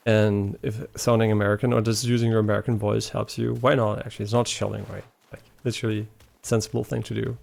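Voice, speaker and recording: Gravelly-voiced male streamer chatting. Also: on the low side, little pitch movement, fast talker, a little mellow. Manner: rambling, chatty, answers chat, swears casually. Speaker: live streamer. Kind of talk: casual live-stream chat while gaming.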